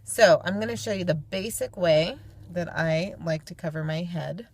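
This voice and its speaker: A woman's voice: on the low side, fairly even intonation, moderate pace, no echo. A young woman from California giving a casual how-to tutorial at home, chatty and homey with playful asides. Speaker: vlogger demonstrating head covering.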